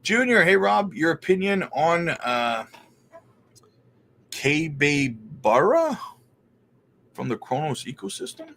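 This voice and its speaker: A man's voice: a little high, takes it slowly, creaky, pauses often. A Canadian man hosting a casual crypto livestream, reading out viewer questions and thinking aloud as he looks things up. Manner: relaxed, thinks aloud while looking things up.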